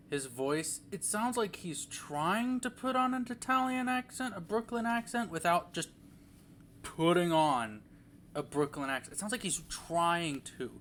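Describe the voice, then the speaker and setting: A man's voice: sits high, fairly bright tone, slight background noise. A young man giving a casual, rambling movie review, full of fillers and restarts.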